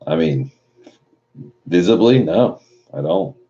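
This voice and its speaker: A man's voice: fairly low pitch, very animated, slow, creaky, mellow, dull audio. A man live streaming late at night in a casual, profane way, reading chat messages aloud and riffing on them.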